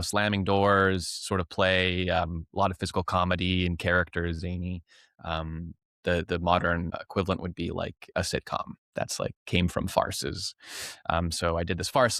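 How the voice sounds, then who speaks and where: A man's voice: sits low, a bit bright, no echo, studio quality. A man, a professional clown and teacher, telling a rambling story in a casual interview, laughing often and restarting his sentences.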